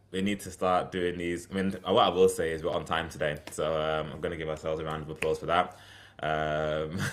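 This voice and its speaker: Male livestream host, deep voice, loose and chatty, restarts sentences often. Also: a bit bright. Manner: chatty, rambling, many fillers and restarts. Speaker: herbal health livestream host. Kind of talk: casual livestream talk.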